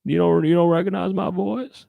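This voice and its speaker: A man doing a comic impression of a simple-minded Southern man with presidential airs, slow and drawling. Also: high voice, steady tone, vocal fry, warm tone, no room sound, pitched above the performer's own voice. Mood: boastful. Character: dim-witted Southern man mashed up with a president.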